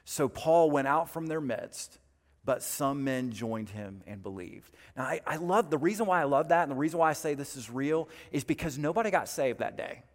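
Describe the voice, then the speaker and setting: A pastor preaching a sermon in an earnest, emphatic way, building up with repeated phrases. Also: male voice, on the high side, expressive, moderate pace. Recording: long reverb of a large hall.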